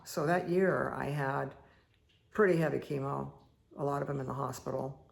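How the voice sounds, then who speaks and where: A woman's voice: very deep voice, fairly even intonation, a little fast, vocal fry. A woman hosting a meditation channel, casually telling a personal story in a rambling way with many fillers and asides. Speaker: meditation host.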